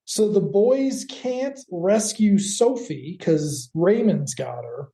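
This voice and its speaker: Mellow-voiced woman recapping wryly, roomy sound. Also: medium pitch, slow pace. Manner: wry, deadpan retelling. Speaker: podcast co-host. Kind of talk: casual episode recap.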